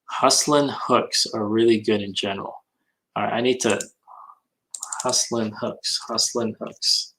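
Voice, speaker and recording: A man's voice: fairly low pitch, steady tone, a little slow, a bit bright, low-quality recording. A man on a casual livestream hangout, chatting and reading comments while he works, often muttering to himself.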